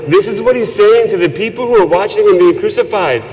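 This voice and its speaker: A man preaching a sermon as a priest, slow and measured with reverent emphasis. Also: high-pitched, darkish tone. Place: church. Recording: long church reverb.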